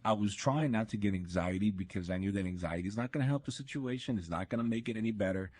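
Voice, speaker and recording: A man's voice: fairly low pitch, fast, a little mellow. A man hosting a podcast, telling a casual, profane, self-deprecating story. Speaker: podcast host.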